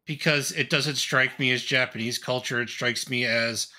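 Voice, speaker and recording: A man co-hosting a casual podcast, making crude deadpan jokes. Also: medium pitch, moderate pace. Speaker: podcast co-host.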